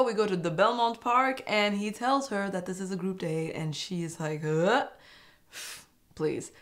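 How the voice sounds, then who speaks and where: A woman casually recapping a reality dating show, chatty and animated with sarcastic asides. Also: lowish voice. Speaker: host.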